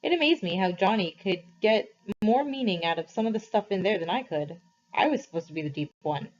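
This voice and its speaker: A woman's voice: mid-range voice, expressive, a little fast, slight background noise. Woman teacher reading a novel aloud. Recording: slightly muffled, dull recording.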